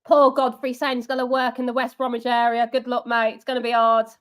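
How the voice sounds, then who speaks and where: A young woman hosts a fan channel's live football watch-along, chatting sarcastically and speaking straight to her viewers as she reads out their comments. Her voice is high and bright for a woman, with a flat, brisk delivery.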